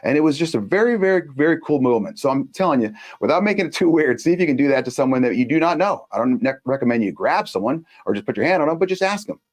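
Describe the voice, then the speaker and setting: A man's voice: a little high, lively intonation, fast, hardly any pauses, a little mellow. A man hosting his own show, telling a story in a blunt, casual monologue and acting out the quotes. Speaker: show host.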